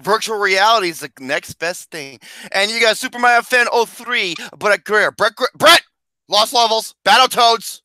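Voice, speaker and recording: A man hosting a movie podcast in loud, excitable, teasing banter. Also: high-pitched, normal speed, hardly any pauses, no echo. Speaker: podcast host.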